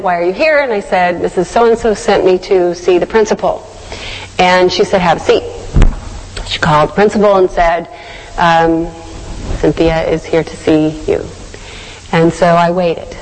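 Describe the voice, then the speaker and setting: A woman's voice: on the low side, a little mellow. A woman giving a devotional sermon, telling a personal story in an earnest, reflective way. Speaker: devotional speaker. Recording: long hall reverb.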